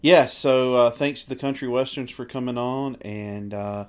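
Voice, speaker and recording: A man co-hosting a casual music podcast, talking in a relaxed way with many fillers. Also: mid-range voice, moderate pace, clean tone. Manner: relaxed, filler-heavy sign-off talk. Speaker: podcast co-host.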